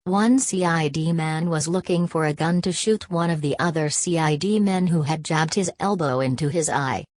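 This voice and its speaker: A woman narrating a novel as an audiobook in an even storytelling read. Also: low voice, moderate pace, hardly any pauses, no echo. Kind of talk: scripted narration.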